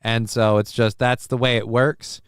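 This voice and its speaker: Man, show host, crude rambling commentary, crisp voice, mid pitch. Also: flat delivery, measured pace, no room sound, clean studio sound. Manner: crude, rambling, lots of fillers and swearing. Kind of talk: casual commentary reacting to clips.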